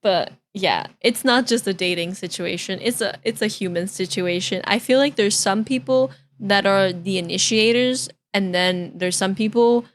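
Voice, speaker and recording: Chatting casually to her stream, a woman VTuber rambles candidly and vents with some exasperation, restarting sentences and repeating phrases in this reaction-stream talk. Her mid-range voice moves at normal speed with few pauses.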